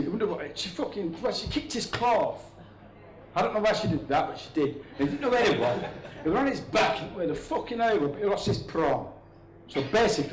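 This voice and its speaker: Rambling crude comedian. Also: male voice, fairly high pitch. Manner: rambling, crude, chuckling at his own jokes. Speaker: stand-up comedian. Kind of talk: stand-up joke telling. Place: comedy venue with a live audience. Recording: echoey room, crowd laughter.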